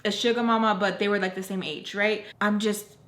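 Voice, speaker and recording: A woman's voice: mid-range voice, brisk. Chatty young woman in an echoey room. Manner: chatty, heavy use of "like", animated retelling. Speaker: vlogger telling a story. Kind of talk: casual storytime chat. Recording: roomy echo.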